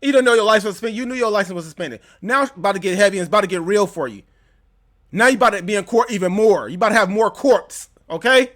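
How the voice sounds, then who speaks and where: A man hosting a reaction video, teasing and laughing loudly as he comments. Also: high voice, lively intonation, racing. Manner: loud, sassy, laughing, teasing.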